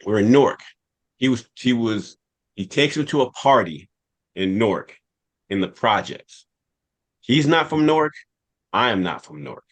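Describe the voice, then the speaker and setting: A man on a podcast telling a long personal story in casual talk, animated, repeating phrases for emphasis. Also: lowish voice, normal speed, long pauses. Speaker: podcast cast member.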